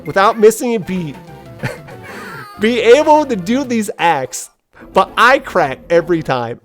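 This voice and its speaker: A woman hosting a casual gaming video, telling a story in an animated, self-deprecating way and laughing often. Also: mid-range voice. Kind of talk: casual let's play commentary.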